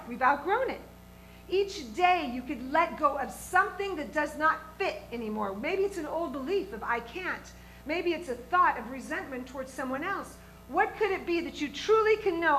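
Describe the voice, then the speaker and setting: A woman's voice: high-pitched, fairly bright tone, slight background noise, low-quality recording. A woman minister giving a sermon to her congregation in an earnest, emphatic way, often asking them questions. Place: church sanctuary with a congregation.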